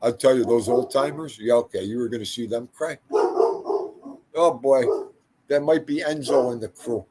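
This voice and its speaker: A man's voice: medium pitch, measured pace, long pauses, dark tone, slight background noise. An older man hosting a casual livestream, rambling through stories and talking to viewers in the chat by name. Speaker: livestream host.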